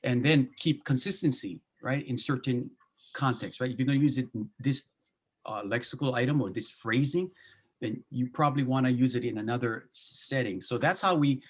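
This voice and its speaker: A pastor from Hawaii with a Hawaiian Pidgin accent, talking easygoingly in a casual panel discussion over a video call and slipping into Pidgin phrasing. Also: male voice, medium pitch, brisk, breathy edge. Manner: easygoing, slips into Pidgin phrasing, many restarts. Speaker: pastor and Bible translator.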